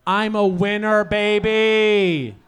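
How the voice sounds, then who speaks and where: A man in his thirties hosting a comedy show, telling rambling stand-up stories with loud punchlines. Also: high-pitched, fairly even intonation, takes it slowly, clean tone. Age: 30s. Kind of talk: stand-up storytelling.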